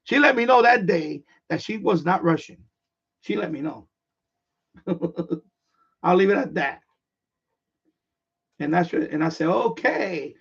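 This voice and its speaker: Far from the mic in dull lo-fi sound, a man hosting a casual live stream rambles through a repetitive story, restarting often. His high, husky voice has vocal fry, and he's unhurried with long pauses.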